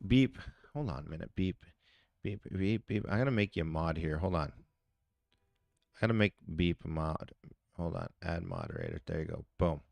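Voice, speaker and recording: Male streamer, Canadian accent, low clear voice, dry close phone audio, loose chat with viewers. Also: no room sound. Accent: Canadian English. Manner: chatty, talks to viewers in the chat. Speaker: live streamer. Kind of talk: casual live-stream chat.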